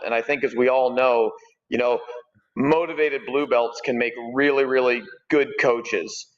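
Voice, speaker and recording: A man's voice: mid-range voice, fairly even intonation, measured pace, long reverb tail, muffled recording. A man in his forties, a gym owner talking as a podcast guest in an easygoing, rambling way with lots of fillers and restarts. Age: 40s. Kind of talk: casual podcast conversation.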